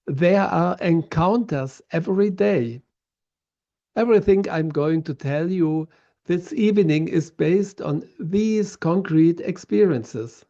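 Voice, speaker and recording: A man of about sixty from southern Germany with a German accent, giving a prepared lecture in a slow, measured way. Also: high voice, warm tone, dull audio.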